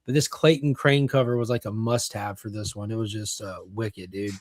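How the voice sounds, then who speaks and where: A man's voice: on the low side, steady tone, normal speed, dry recording, clean studio sound. A man on a comics panel talking casually and eagerly about comics. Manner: casual, enthusiastic fan talk. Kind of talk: casual podcast chat.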